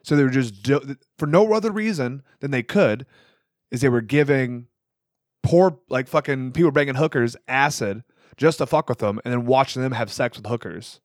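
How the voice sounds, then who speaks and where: A man's voice: medium pitch, moderate pace, no echo, clean studio sound. A young man co-hosting a podcast, telling long rambling stories in casual, profane chat. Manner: animated storyteller, profane and rambling. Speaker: podcast co-host. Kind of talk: casual conversation.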